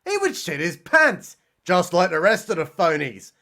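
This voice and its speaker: Animated man mocking a movie. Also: high voice, moderate pace. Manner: mocking, exclaims often, swings between deadpan and excited outbursts. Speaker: movie reviewer. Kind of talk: sarcastic comedic film recap narration.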